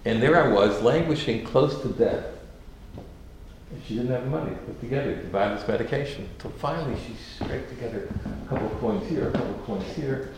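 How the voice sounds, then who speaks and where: A man giving a sermon as a rabbi, telling a story with lively, repeated words and restarts. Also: medium pitch, brisk. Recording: echoey room from far off, noisy.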